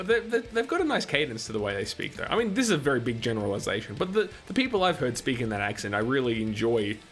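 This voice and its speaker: Animated Australian man chatting on stream. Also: medium pitch. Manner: chatty, answers chat comments between gameplay. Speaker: livestream host. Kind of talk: casual live-stream chat with viewers.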